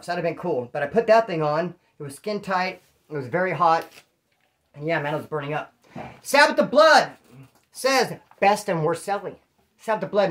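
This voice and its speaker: Man, from California, former prisoner, casual profane slang, storytelling, quotes people aloud. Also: sits high. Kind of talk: casual storytelling, answering viewer questions.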